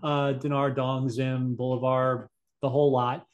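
A man's voice: mid-range voice, little pitch movement, a little slow, muffled recording. A man hosting a casual chat in an easygoing way, laying out his predictions with confidence. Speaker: host.

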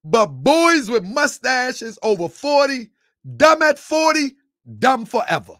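A man's voice: very high voice, sing-song, takes it slowly, a bit bright, no echo, studio quality. A man giving a mocking reaction commentary, laughing often and lecturing in a taunting, preachy way. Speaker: online commentator.

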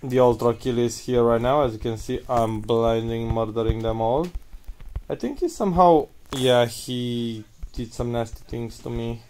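Crude, excitable man commentating gameplay. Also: medium pitch, unhurried, a little hiss or hum, rough recording. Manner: crude, excitable, yells hype callouts.

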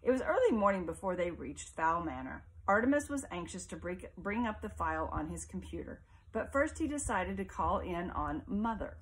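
A woman reading a novel aloud as audiobook narration in a measured, expressive way. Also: lowish voice, a little hiss or hum. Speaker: audiobook reader.

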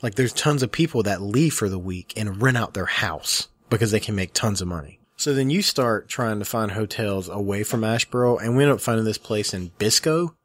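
A man's voice: lowish voice, expressive, brisk, hardly any pauses, no room sound. Wry young man, dry close sound. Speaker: podcast co-host. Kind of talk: casual chat.

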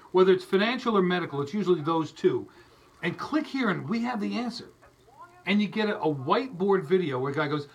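A man's voice: sits high, husky, poor audio. A man, a radio host, giving an exasperated comic rant and acting out little scenes as he goes.

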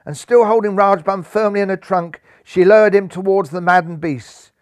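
A man narrating a children's storybook with dramatic, animated delivery. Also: high-pitched, moderate pace, dry recording, clean studio sound.

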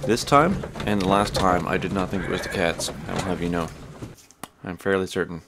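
A man's voice: low voice, brisk, very noisy. A man casually commenting while playing a game, rambling, swearing and talking to himself. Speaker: gameplay commentator. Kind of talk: casual let's-play commentary.

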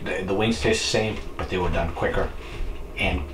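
Male home reviewer, lower register, loose chatty delivery while eating; roomy room sound with faint background noise. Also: steady tone, normal speed. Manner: rambling, talks while eating. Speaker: product reviewer. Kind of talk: casual chat.

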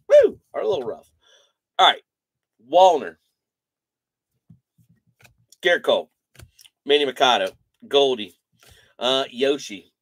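A man hosting a live trading card break, calling out player names and giving energetic, slangy shout-outs to buyers. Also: medium pitch, gravelly, no room sound.

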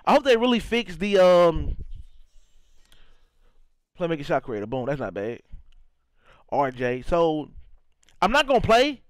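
His fairly high voice swings widely in pitch as this young streamer from St. Louis, Missouri, chats unhurriedly during a live game, leaving long pauses. Loose and repetitive, he responds to chat and keeps saying "you know what I'm saying," over poor, echo-free audio.

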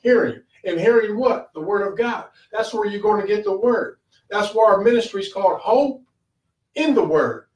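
A man's voice: high voice, moderate pace, muffled recording. Man, pastor, fervent repetitive sermon, echoey room, distant mic. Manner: fervent preaching with repetition and rising emphasis.

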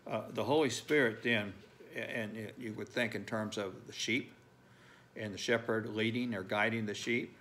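A man's voice: fairly low pitch, fairly even intonation, moderate pace, a bit bright, slight background noise. An older man in his sixties preaching a sermon, emphatic, repeating phrases and reading scripture aloud. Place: church sanctuary.

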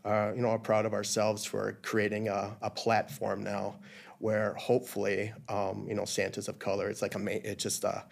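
Low-voiced man, halting business owner. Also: completely flat delivery, vocal fry. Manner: hesitant, many fillers and restarts. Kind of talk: casual interview talk.

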